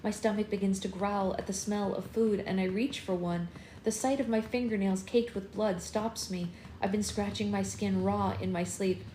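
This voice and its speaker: A woman's voice: medium pitch, fairly even intonation, moderate pace, dark tone, a little hiss or hum. A woman hosting a book club, reading a first-person novel aloud expressively and acting out the dialogue, on a phone live stream. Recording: roomy room with faint ambience.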